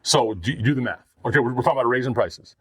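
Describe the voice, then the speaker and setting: A man co-hosting a casual podcast, briskly summing up points and asking follow-up questions. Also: medium pitch, animated, fairly bright tone, dry recording. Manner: brisk interviewer, sums up and asks follow-ups.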